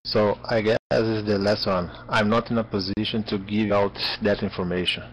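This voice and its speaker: A man's voice: fairly low pitch, little pitch movement, moderate pace, highs cut off, a little hiss or hum. A man student giving his opinion in an online English class, searching for his words. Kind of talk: answering in class. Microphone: video call.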